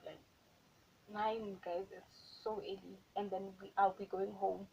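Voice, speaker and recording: A woman's voice: mid-range voice, level tone, measured pace, vocal fry, warm tone. A young South African woman telling a story from her own life on camera, retelling it animatedly with lots of "like" and quoted asides. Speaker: YouTuber. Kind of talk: storytime vlog. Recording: dull audio with faint hiss.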